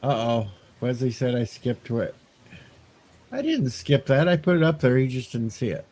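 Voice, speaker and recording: A man's voice: mid-range voice, sing-song, normal speed, a little mellow. Teasing male co-host. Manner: teasing, reads out viewer comments. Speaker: co-host reading chat. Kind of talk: casual chat.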